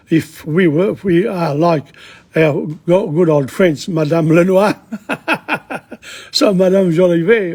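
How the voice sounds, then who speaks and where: A man teaching a language lesson, reading a dialogue line by line and translating it, chatty and halting with frequent asides. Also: high voice, a little mellow, slightly rough.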